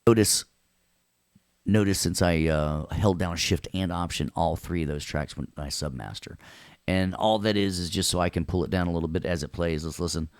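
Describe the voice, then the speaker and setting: A man's voice: sits low, moderate pace, no echo, studio quality. A man with a Nashville accent teaching an audio workstation class, chatty and joking with his students. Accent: Southern US, Nashville. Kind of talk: recorded class lecture with jokes.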